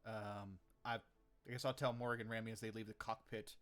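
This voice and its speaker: A man's voice: fairly low pitch, level tone, moderate pace, fairly bright tone. A man speaking as a player in a tabletop game, casual and hesitant, swearing now and then.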